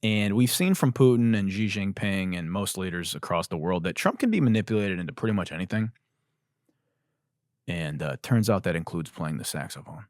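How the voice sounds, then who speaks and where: A man's voice: sits low, lively intonation, moderate pace, dry recording, studio quality. A man hosting a comedy podcast, delivering a mocking satirical monologue. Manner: ranting, mocking, shouts and laughs.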